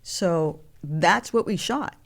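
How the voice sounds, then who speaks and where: A woman in her sixties, a guest actress, telling animated stories and acting out the voices of people in them. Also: fairly low pitch, slow pace, creaky. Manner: animated storyteller, acts out quoted voices. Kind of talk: storytelling interview.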